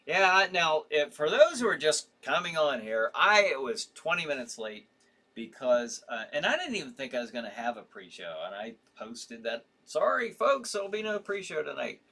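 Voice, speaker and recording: Tired, rambling livestream host, bright voice. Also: male voice, medium pitch, animated. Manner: rambling, halting, with frequent restarts and yawns. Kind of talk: casual live-stream chat reading viewer comments.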